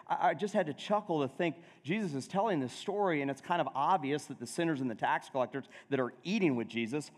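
A male pastor preaching a sermon in a conversational way, asking the congregation questions. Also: on the high side. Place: church sanctuary. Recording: long reverb of a church hall.

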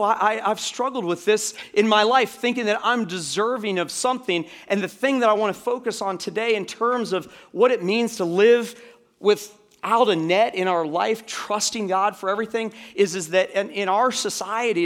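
Chatty middle-aged male pastor, slightly high. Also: fairly bright tone. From Georgia, USA. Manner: conversational, with many fillers and audience asides. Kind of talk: sermon.

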